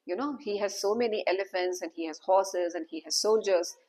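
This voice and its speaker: A woman voicing a queen mother who soothes and hurries to cover things up, in a husky voice. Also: mid-range voice, brisk, a little mellow, lightly acted, poor audio. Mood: motherly.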